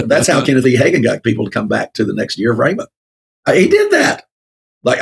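A man's voice: mid-range voice, wildly swooping pitch, brisk, gravelly, husky. A man co-hosting a casual Bible discussion, rambling with many fillers and frequent laughs. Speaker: co-host of a Bible talk show.

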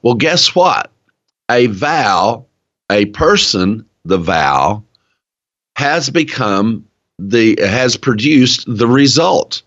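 A man with an East Tennessee accent co-hosting a casual Bible study, talking in an earnest, drawn-out preaching cadence. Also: lowish voice, lively intonation, fairly bright tone. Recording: dull lo-fi sound.

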